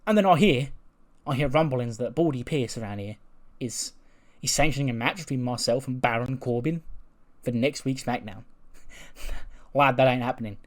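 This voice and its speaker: A brash, cocky wrestler, put on by a man who barks at everyone and calls them lad. He talks loud and pushy, a little higher than his own voice. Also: normal speed, close to an everyday voice.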